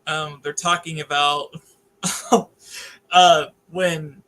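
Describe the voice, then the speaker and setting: Guy with a bright, kinda high voice, halting casual book chat on a podcast. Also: flat delivery, rough recording. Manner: hesitant, lots of fillers and restarts. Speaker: book club podcast co-host. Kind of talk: casual chat about a novel.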